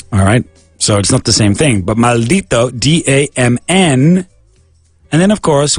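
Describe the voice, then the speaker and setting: A man's voice: medium pitch, no room sound. Man, radio English teacher, patient speller, dry studio, faint music. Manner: patient, explains slowly, spells words letter by letter. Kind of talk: radio language lesson.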